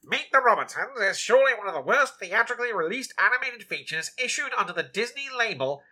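Over-the-top old-time radio announcer, put on by a podcast co-host: piercing bright tone, husky edge. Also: lively intonation, fast talker, full character voice. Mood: pompous. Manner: booming, over-announced delivery. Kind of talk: mock radio announcer reading.

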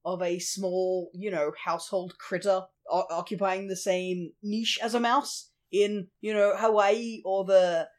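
A young Australian woman co-hosting a casual podcast chat, animated and sweary, laughing often. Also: medium pitch, a little slow, few pauses. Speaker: podcast co-host.

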